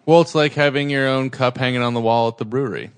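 A man co-hosting a podcast, chiming in with quick jokes in casual chat. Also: mid-range voice, clean tone. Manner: quick joking interjections. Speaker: podcast co-host.

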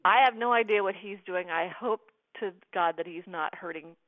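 A woman's voice: lowish voice, moderate pace, no room sound. A middle-aged American woman telling a personal story as an interview guest, earnestly acting out the dialogue she quotes. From United States. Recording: tinny phone line.

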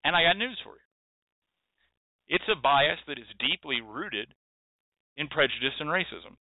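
A man's voice: a little high, lively intonation, measured pace, dry recording. Emphatic male host on a tinny line. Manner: emphatic, preachy, repeats phrases for effect. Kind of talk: impassioned monologue. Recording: dry tinny phone-like sound.

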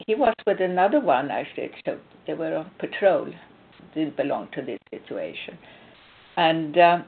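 Woman, spiritual coach, low pitch, tinny phone-line quality, emphatic anecdotal advice. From Sweden. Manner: emphatic storytelling with hesitant restarts. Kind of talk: casual advice talk with personal anecdotes.

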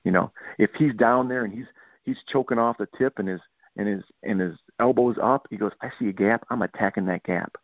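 A middle-aged football coach from Michigan talks through a podcast interview, telling stories with animation and acting out quotes. His voice is low and gravelly, and it comes over a thin, phone-like line with no room sound at all. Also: fairly quick, dry recording. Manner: animated storytelling, acts out players' quotes. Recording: tinny phone-like line, dry.

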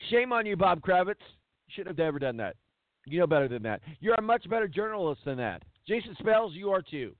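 A man's voice: high voice, big pitch swings, brisk, dry recording. A man hosting a sports talk show, ranting bluntly and hammering words for emphasis. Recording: tinny phone-like dry sound.

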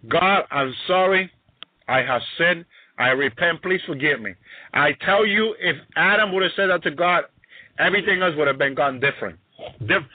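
A man's voice: high voice, no room sound. Emphatic preacher man on a tinny line. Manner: emphatic, repetitive, exclaiming hallelujah. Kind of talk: sermon. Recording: tinny phone-like sound.

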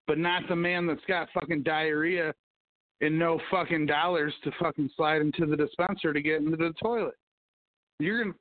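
A man's voice: a little high, dry recording. A man hosting a casual livestream podcast, ranting and swearing as he reads the news and the comments. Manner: profane, ranting, hums to himself. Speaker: podcast host. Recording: tinny phone-like sound.

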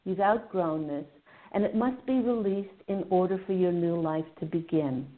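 A lowish-voiced woman hosts a call-in radio reading, talking effusively and filling pauses with "uh" and "let me see". The sound is thin and phone-like. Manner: warm, effusive, relays messages with many fillers. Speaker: radio show host and psychic reader. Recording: phone-like narrow audio.

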